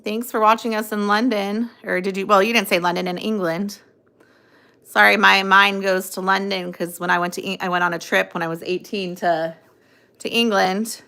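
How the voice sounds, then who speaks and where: A woman's voice: mid-range voice, fairly even intonation, normal speed, gravelly, pushed and bright. A young adult woman hosting a casual phone livestream, rambling, reading out viewer comments and cooing at her dog. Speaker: livestream host.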